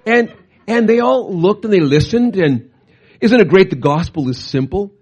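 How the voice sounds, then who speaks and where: A middle-aged male pastor preaches through a long story with a husky, slightly raised voice. He talks in animated bursts and often restarts his sentences. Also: high-pitched, moderate pace, dull audio. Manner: animated, bursts into loud acted quotes, frequent restarts. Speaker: pastor and missionary. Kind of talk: storytelling sermon.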